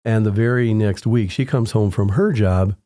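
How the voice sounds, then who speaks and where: A man in his sixties speaks in a low, mellow voice as a podcast guest, winding through long anecdotes full of restarts. His voice sounds dry and close, with no room sound behind it. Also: normal speed, no room sound. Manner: rambling anecdotes with frequent restarts, acting out quoted people in raised voices. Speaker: podcast guest, home inspector. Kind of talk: casual storytelling interview.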